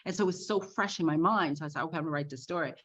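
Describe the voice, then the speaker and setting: A woman guest telling a story in a casual, animated way, laughing along. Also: low-pitched, rapid-fire. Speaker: podcast guest, makeup artist. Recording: dull lo-fi sound.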